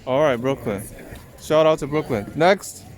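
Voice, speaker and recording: A man running a casual street interview outdoors, firing off quick, joking questions. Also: fairly high pitch, crowd noise.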